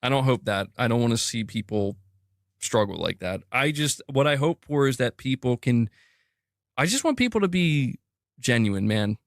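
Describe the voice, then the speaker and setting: A man speaking on his own stream in an earnest, halting way, full of fillers. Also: mid-range voice, big pitch swings, dry recording, studio quality. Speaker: streamer in played clip. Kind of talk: casual stream talk.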